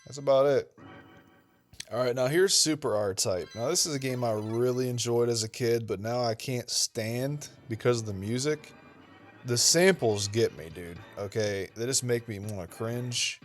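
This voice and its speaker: A man's voice: mid-range voice, measured pace, soft background music. A man hosting a retro gaming channel, giving casual, rambling gameplay commentary and saying "dude" and "okay" a lot. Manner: laid-back, rambling, says "dude" and "okay" often.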